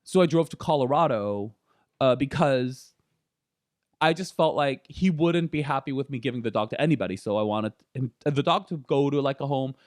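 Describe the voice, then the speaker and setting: A man in his thirties talking candidly as a podcast guest, animated and often laughing. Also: mid-range voice, moderate pace, no echo, clean studio sound. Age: 30s. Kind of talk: casual conversation.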